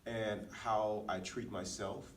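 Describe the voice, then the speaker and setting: A man co-hosting a podcast shares personal anecdotes in an earnest, reflective chat, restarting frequently. His lowish voice is steady and slow; he sounds far from the mic, with a little hiss or hum.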